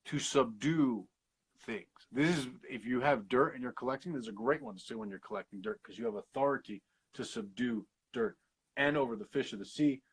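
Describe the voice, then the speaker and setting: Husky man teaching scripture casually. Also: medium pitch, low-quality recording. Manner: explains slowly, sounds out Hebrew words, swears casually. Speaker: Bible study host.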